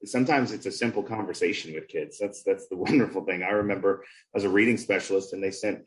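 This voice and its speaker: A man hosting a literacy podcast, telling classroom stories in a lively, conversational way and acting out the voices he quotes. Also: sits low, fast, poor audio. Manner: animated storyteller, acts out quoted voices. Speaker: podcast host, former reading specialist.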